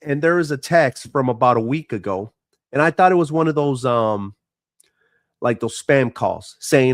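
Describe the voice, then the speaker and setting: A man's voice: medium pitch, lively intonation, normal speed, no echo, clean studio sound. A man streaming live, frankly telling a personal family story in a casual, profane and emotional way.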